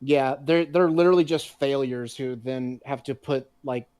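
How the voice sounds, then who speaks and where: A man chatting casually on a podcast, telling animated, profanity-laced stories. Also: mid-range voice, moderate pace, clean tone, dry recording, studio quality. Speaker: podcast co-host. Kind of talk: casual chat.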